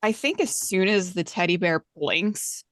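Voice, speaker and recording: A woman with a lowish voice plays in a tabletop game. She talks in a blunt, deadpan way when she describes what her character does. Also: measured pace. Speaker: player. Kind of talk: casual tabletop play.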